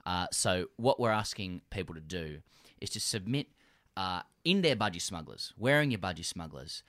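Deep-voiced podcast host. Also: male voice, big pitch swings, normal speed, a bit bright. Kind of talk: comedic podcast chat.

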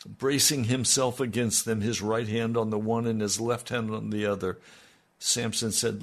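Older male radio pastor, low-pitched and gravelly, slow earnest delivery. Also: steady tone. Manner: slow, earnest, dropping to near-murmurs. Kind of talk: radio sermon.

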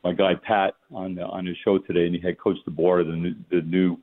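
An older former football coach from the New York area talking as a radio guest, halting with many fillers and restarts. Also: male voice, deep voice, level tone. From New York metropolitan area. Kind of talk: casual radio interview. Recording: phone line.

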